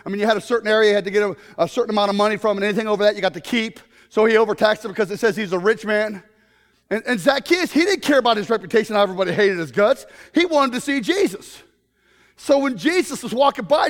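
In a church sanctuary, a high-voiced man gives an animated, playful sermon, joking with the congregation and acting out Bible characters along the way. The recording carries the long reverb of a large hall.

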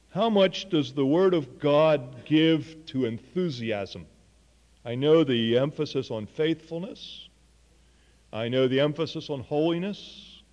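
A man's voice: on the high side, a little mellow, in a large hall, highs cut off. A man preaching a sermon, telling a story earnestly and voicing the people in it. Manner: earnest storytelling with quoted dialogue.

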